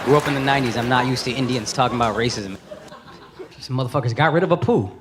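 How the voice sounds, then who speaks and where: A man's voice: medium pitch, quick pace, heavy background noise. A man in his thirties doing a stand-up set, brash and punchy, swearing freely and slipping into acted-out voices. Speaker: stand-up comedian. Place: comedy club stage before a laughing audience. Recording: live show with loud crowd laughter. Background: loud audience laughter and cheering.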